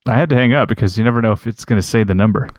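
A man's voice: medium pitch, racing, crowd noise. A man co-hosting a podcast in casual chat, reading news aloud with stumbles and laughs. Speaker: podcast co-host.

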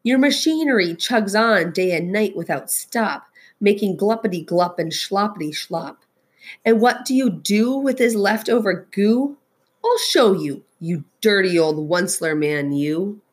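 A woman voicing a small, cranky male forest creature in a storybook reading, scolding and reproachful in a raised, husky voice. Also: lowish voice, animated, slow, heavily acted. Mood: indignant. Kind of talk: storybook read-aloud.

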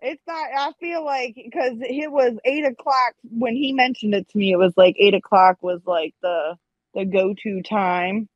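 A woman's voice: a little high, steady tone, a little slow, no echo. A young woman chats frankly as a podcast guest, peppering her talk with fillers and the odd curse. The recording sounds somewhat dull and lo-fi, dry and close. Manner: candid, swears casually, says like a lot. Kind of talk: casual podcast chat.

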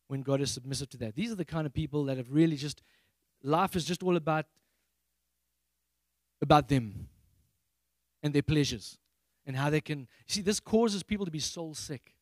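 A man from Africa, preaching a sermon on a handheld mic and acting out prayers in a high, excited voice. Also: no room sound. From South Africa. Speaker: pastor.

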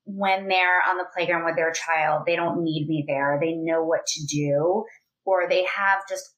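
A woman in her forties who works as a family educator speaks in a conversational interview, her voice on the low side and unhurried. She is earnest and animated, using lots of "you know" fillers. The recording is rough.

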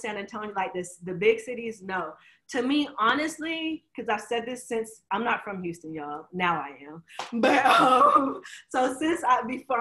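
Bright animated woman, roomy sound. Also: fairly high pitch, slight background noise. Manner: animated, laughs often, speeds up when making a point. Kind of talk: casual chat.

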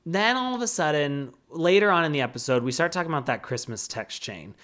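A woman with a low-pitched voice that swings widely up and down as she co-hosts a casual recap podcast. She talks in an animated way, swears freely and acts out bits of the people she discusses. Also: brisk. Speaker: podcast co-host. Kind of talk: casual reality-TV recap chat.

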